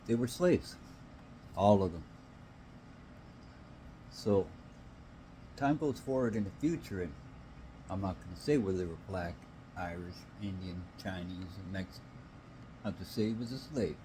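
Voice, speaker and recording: A man's voice: sits low, a little slow, pauses often, noisy background. A man in a rambling, profane solo rant who repeats himself for emphasis.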